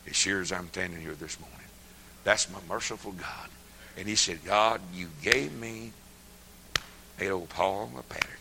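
An older man preaching a sermon, folksy and laughing often, swinging from hushed murmurs to loud shouts. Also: sits low, vocal fry, slight background noise, rough recording.

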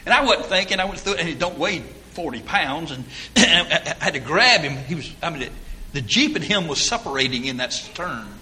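A man's voice: fairly high pitch, animated, brisk, bright, forceful tone. A man, preaching a sermon through rambling folksy stories in down-home grammar. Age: 60s.

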